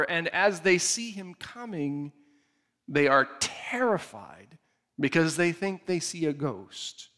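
A man preaching a sermon, retelling a scripture story with animated, acted-out storytelling. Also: sits high. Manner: animated storytelling, acts out the scene. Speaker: pastor.

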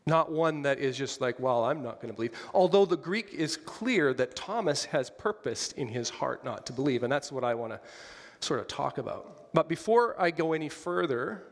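A man gives a relaxed, conversational sermon, putting questions to his listeners and adding touches of humor. His voice sits a little high for a man. The sound rings with the long reverb of a large hall. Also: normal speed. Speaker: pastor.

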